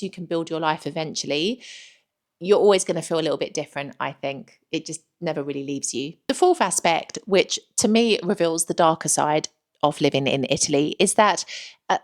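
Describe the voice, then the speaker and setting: A young woman from London with a London accent, talking earnestly and candidly in a chatty vlog. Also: fairly low pitch. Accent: London English. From London, England. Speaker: vlogger on life abroad. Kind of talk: reflective talking-to-camera vlog.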